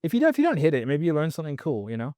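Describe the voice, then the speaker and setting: A man's voice: on the high side, huge pitch swings, racing, mellow, dry recording, clean studio sound. A man as a podcast guest, talking in a rambling, blunt way full of swearing and filler words. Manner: rambling, blunt and profane, heavy use of "like". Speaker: sales trainer guest. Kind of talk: casual podcast conversation.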